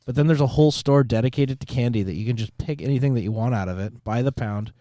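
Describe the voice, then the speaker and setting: Podcast co-host, man in his thirties, quick and laughing, dark tone, dead-dry room. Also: medium pitch, no room sound. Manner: joking, laughs often, rambling asides. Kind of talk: casual chat.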